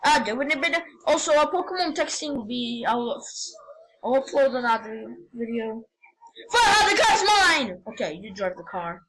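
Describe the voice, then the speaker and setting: A woman giving casual, rambling game commentary, excitable and prone to sudden yelps and shouts. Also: a little high, moderate pace, a little hiss or hum, rough recording. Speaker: gamer.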